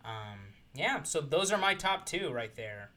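Man, podcast guest, bright tone, slightly high pitch, enthusiastic, articulate, ums. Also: very animated, unhurried. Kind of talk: casual film discussion.

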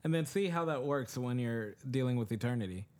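A man's voice: medium pitch, animated, a little fast, darkish tone. Easygoing man who laughs often. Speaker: podcast co-host. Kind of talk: casual chat.

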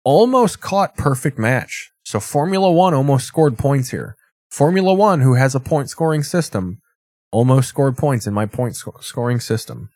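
A man's voice: medium pitch, lively intonation, moderate pace, darkish tone, dry recording, clean studio sound. A man streaming and reacting to a show in casual, rambling, sarcastic commentary, swearing often.

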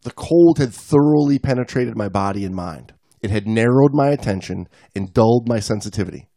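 A man's voice: on the low side, animated, a little fast, warm tone, no echo, studio quality. Man reading a story dramatically. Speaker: podcast co-host. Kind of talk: reading a story aloud and chatting.

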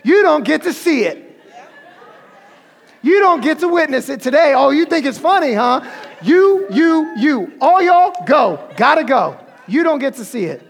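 A man's voice: very high-pitched, expressive, normal speed, fairly bright tone, a faint crowd. A man voicing a bold, commanding teacher who speaks in casual slang. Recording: long hall reverb.

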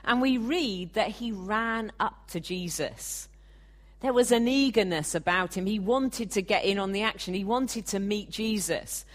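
Slow-spoken woman preaching a sermon. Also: medium pitch. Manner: measured, earnest, acts out quoted voices.

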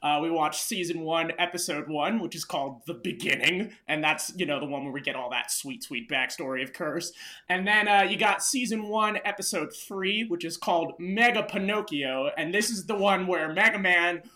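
A man co-hosting a casual chat, relaxed, full of fillers and swearing freely. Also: fairly high pitch, normal speed. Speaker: podcast co-host.

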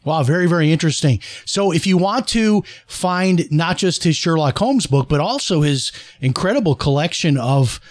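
A man's voice: fairly high pitch, lively intonation, normal speed, hardly any pauses, no echo, studio quality. A man hosting a talk show interview, friendly and promoting his guest's books.

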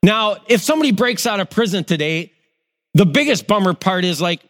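Speaking briskly in a high-sitting voice, a middle-aged pastor weaves personal stories into his sermon and performs the voices of the people in them. A long reverb tail follows his words.

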